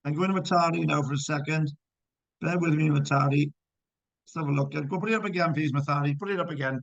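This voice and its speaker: A man's voice: on the high side, quick pace, creaky, no room sound, muffled recording. A man teaching physics in a live online class, checking students' answers with encouragement and working through problems step by step.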